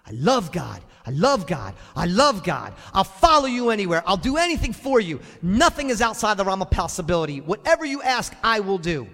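A man's voice: sits high, very animated, fairly quick, hardly any pauses, a bit bright, long reverb tail. A man putting on the voice of an earnest, devoted male disciple, speaking fervently and insistently.

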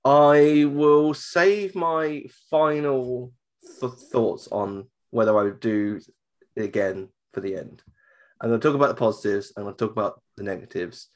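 A man's voice: on the low side, brisk. Chatty man co-hosting a podcast. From southern England. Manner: chatty, jokey, repeats himself when restarting. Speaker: podcast co-host. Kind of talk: casual chat.

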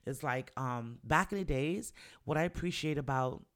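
Man, rapper, casual monologue, candid, animated, swears a lot. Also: mid-range voice, moderate pace. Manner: candid, animated, swears freely, acts out quoted friends. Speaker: musician, rapper.

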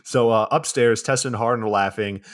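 A man's voice: medium pitch, fairly quick, no echo. Podcast co-host, male, loose and profane, dry recap delivery. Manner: laid-back, profane recapping with mocking quotes. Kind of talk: casual movie recap podcast.

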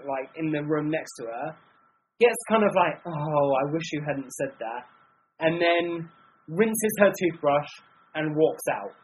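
Animated podcast co-host ranting casually. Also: mid-range voice, slight background noise, poor audio. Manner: animated, rambling film rant with acted-out quotes. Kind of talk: casual chat.

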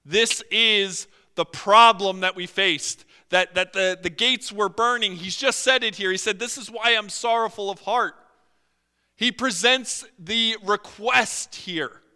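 Brief: animated pastor with a tense bright voice and lots of fillers, recorded in a reverberant church. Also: male voice, high-pitched, unhurried, clear, resonant tone. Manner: animated, acts out quotes, many fillers. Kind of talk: sermon. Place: church sanctuary. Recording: long hall reverb.

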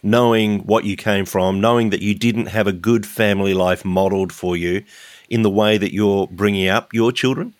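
Calm interviewer asking gentle questions. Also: low-pitched, moderate pace.

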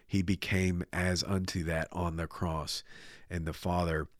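A man's voice: deep voice, unhurried, no room sound, clean studio sound. A man preaching a sermon, retelling a scripture story casually and acting out the characters' lines. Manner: animated retelling with voiced quotes, casual fillers. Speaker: pastor.

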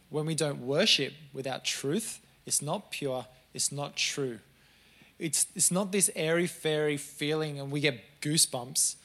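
A man's voice: a little high, fairly bright tone. A man preaching a sermon in a conversational, earnest way, with joking asides to the congregation.

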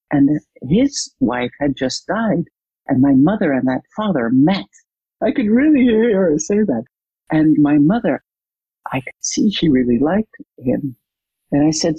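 A coach and trainer, a guest in an interview, who tells a client story with lively retelling and acts out the quoted dialogue. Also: medium pitch, husky, dry recording, muffled recording.

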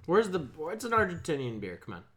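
A man's voice: on the high side, wildly swooping pitch, fast talker, fairly bright tone, roomy sound. A man co-hosting a podcast, teasing and swearing in casual banter. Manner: sarcastic, teasing, profane. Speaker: podcast co-host.

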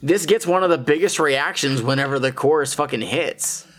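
A man's voice: fairly high pitch, normal speed, fairly bright tone. A man co-hosting a casual album review, swearing freely and spinning comic stories. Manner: joking, swears freely, storytelling. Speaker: podcast co-host. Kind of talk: casual music review chat.

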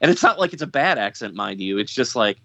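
A man hosting a podcast, talking thoughtfully in casual chat and pausing often on ums and uhs. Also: mid-range voice, very animated, pushed and bright, no echo. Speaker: podcast host. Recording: dry, dull lo-fi sound.

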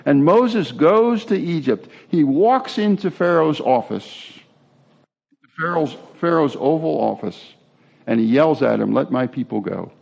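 A man preaches a sermon in a slightly high, gravelly, creaky voice at a slow pace. His delivery is relaxed and conversational, full of asides and restarts, and the recording sounds dull and lo-fi.

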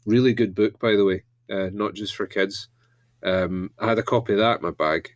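A man's voice: fairly low pitch, a little fast, no room sound. A man telling an anecdote in casual chat, often restarting his sentences.

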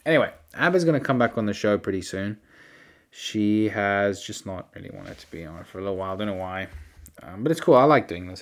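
Animated rambling male podcast host. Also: mid-range voice. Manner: rambling, animated, incredulous rants with self-deprecating asides. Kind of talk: solo podcast monologue.

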